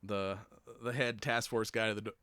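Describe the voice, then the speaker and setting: Low-voiced man rambling through a recap. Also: fairly even intonation, moderate pace, bright, forceful tone, clean tone, no echo. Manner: rambling, swears freely, laughs often, acts out quotes. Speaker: podcast host. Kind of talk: casual chat recapping a TV episode.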